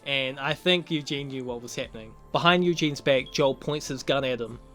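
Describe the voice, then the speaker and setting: A man's voice: mid-range voice, normal speed, pushed and bright, faint music behind. A man casually recapping and reviewing a TV episode, rambling and swearing freely, often chuckling.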